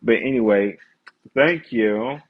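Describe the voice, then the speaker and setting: Man with a husky congested voice, casual live-stream rant, candid, talking straight to viewers. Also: mid-range voice, slow pace, phone-quality sound.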